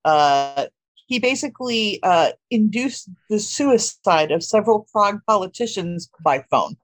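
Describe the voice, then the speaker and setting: Slow-talking podcast co-host. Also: mid-range voice, expressive, no room sound. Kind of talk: casual chat.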